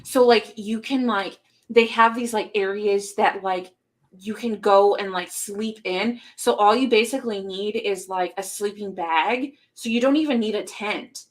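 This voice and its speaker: A woman's voice: mid-range voice, measured pace. A woman co-hosting a live podcast, telling stories in a rambling, casual way with lots of fillers. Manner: rambling, filler-heavy storytelling. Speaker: podcast co-host. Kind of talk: casual live-stream chat.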